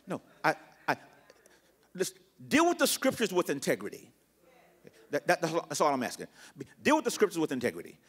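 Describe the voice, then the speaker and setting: Older male pastor, sermon delivery; high voice, very animated pitch, repeats lines for emphasis, soft low asides. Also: fairly quick, long pauses, slightly rough. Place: church sanctuary.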